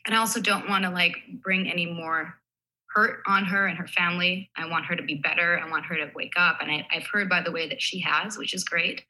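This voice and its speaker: A woman's voice: lowish voice, fairly even intonation, a little fast, bright, forceful tone, low-quality recording. A woman guest in a casual conversation, explaining her view thoughtfully and at length.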